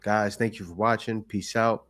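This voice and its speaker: A man's voice: fairly low pitch, fairly even intonation, moderate pace, very noisy. Man commenting to his viewers. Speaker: reaction channel host.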